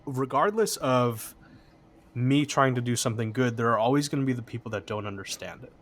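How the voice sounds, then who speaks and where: A man's voice: medium pitch, fairly quick, a bit bright. A man speaking as a podcast guest in casual chat, rambling with frequent fillers. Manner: rambling, heavy use of "like".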